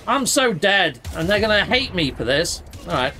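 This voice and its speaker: A British man who hosts a gaming channel, talking through his play in a casual, excitable way and yelping when things go wrong. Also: sits high, normal speed, over music. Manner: excitable, exclaims and yelps during fights. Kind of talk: casual let's-play commentary.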